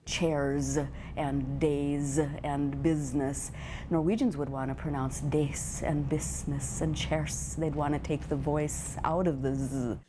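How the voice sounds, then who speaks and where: A woman's voice: sits low, steady tone, a little slow. A woman, a college professor, explaining things carefully in an interview and demonstrating sounds. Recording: noisy background.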